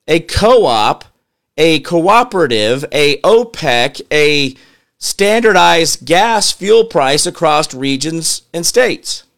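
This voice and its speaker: Animated ranting male commentary host. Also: a little high. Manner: ranting, exasperated, asks the audience questions; mutters to himself while working a computer. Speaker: show host. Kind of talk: political commentary.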